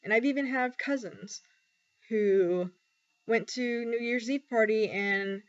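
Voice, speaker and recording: Candid young woman vlogging, lo-fi. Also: fairly high pitch. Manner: candid, halting, many pauses and ums. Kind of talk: personal confessional vlog. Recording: dull lo-fi recording.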